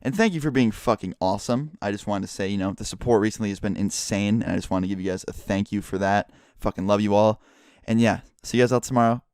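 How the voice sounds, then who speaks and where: Speaking fast with a fairly low, slightly mellow and smooth voice, a young YouTuber rambles through a story for his viewers, swearing often and filling gaps with "like." The recording is dry and studio quality.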